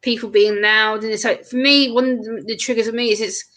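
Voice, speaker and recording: A woman chatting casually in a group conversation, telling animated stories full of quoted asides. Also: fairly high pitch, brisk. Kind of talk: casual chat.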